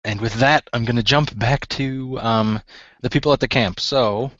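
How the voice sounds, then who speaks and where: A man's voice: medium pitch, moderate pace, no room sound. Laid-back man running a tabletop game. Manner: relaxed, hesitant with fillers. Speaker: game master. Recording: dry, dull lo-fi sound.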